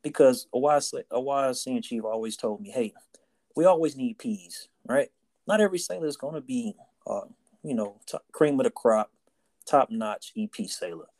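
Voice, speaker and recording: A man's voice: medium pitch, lively intonation, normal speed, darkish tone. A man co-hosting a casual podcast chat, telling a story and often tagging lines with "right?" and "you know". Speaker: podcast co-host, Navy sailor.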